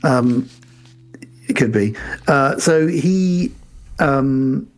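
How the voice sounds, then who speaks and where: A man co-hosting a podcast, casually retelling film scenes and acting out the characters' lines in quick snatches. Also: medium pitch, expressive. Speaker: podcast co-host. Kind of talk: casual film review chat.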